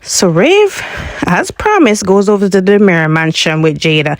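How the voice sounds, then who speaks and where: A woman's voice: medium pitch, big pitch swings, moderate pace, no room sound, studio quality. A woman giving a casual recap of a TV episode, rambling along and filling her talk with "you know" as she retells the scenes. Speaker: soap opera recap vlogger.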